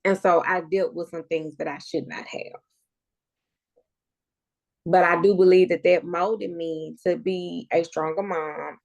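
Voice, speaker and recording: Low gravelly-voiced woman, close to tears. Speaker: podcast guest. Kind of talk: emotional personal conversation.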